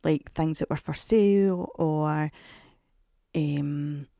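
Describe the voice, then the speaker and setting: Gravelly woman rambling on a podcast. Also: low voice, slow, dark tone, dry recording, clean studio sound. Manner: chatty, rambling storyteller, self-mocking. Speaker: podcast host. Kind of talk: casual podcast monologue.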